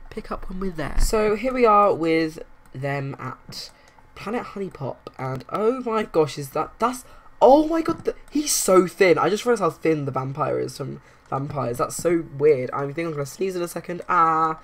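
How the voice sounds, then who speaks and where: A woman narrating her life-simulation game playthrough in rambling casual commentary, with bursts of excited outrage. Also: low voice, normal speed. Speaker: let's play narrator.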